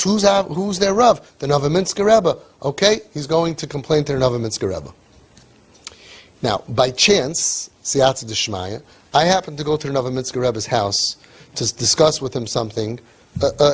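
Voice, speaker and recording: A man with a slightly high, husky voice speaks in an animated storytelling manner, acting out what others say. He sprinkles Yiddish and Hebrew terms through his talk as he makes his case to listeners. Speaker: speaker on outreach to youth.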